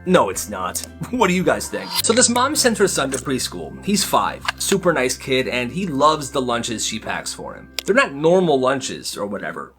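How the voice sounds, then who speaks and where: A young man with a fairly bright, higher-pitched voice tells stories in a casual storytime style. He's chatty and sarcastic, poking fun at the people in his tales, with faint music in the background.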